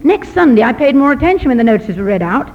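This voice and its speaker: High-pitched lady preacher, lively self-mocking storyteller, dull muffled recording, big hall echo. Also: fast. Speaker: missionary doctor and speaker. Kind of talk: storytelling sermon.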